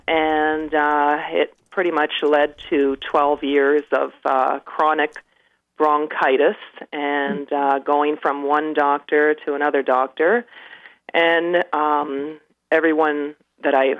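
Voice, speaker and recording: A woman in her fifties calling in from Canada, telling her story with many pauses and fillers. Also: sits low, dry recording, narrow, tinny audio. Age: 50s. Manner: halting, many fillers, emotional at times. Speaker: caller. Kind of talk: call-in testimony.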